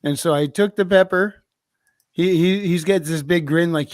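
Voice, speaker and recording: A man with a fairly high speaking voice tells casual stories and laughs at himself. The sound is dry and close, with no room around it. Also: fairly even intonation, moderate pace, long pauses, no room sound. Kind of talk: casual chat.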